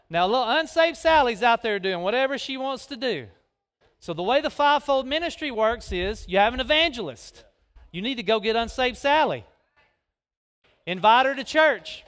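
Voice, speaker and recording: Guy preaching in a big echoey church, high voice, folksy and animated. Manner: folksy, animated, directing people onstage. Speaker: guest preacher. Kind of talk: sermon with live skit. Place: large church hall. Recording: long reverb of a big hall.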